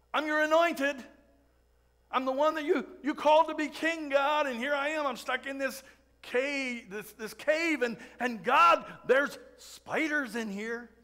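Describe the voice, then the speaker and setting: A man's voice: very high voice, lively intonation, slow, creaky, long pauses, pushed and bright, voice pushed up, heavily acted. A man preaching, voicing a desperate young man hiding in a cave and begging God for help. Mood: pleading. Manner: pleading, raised and urgent.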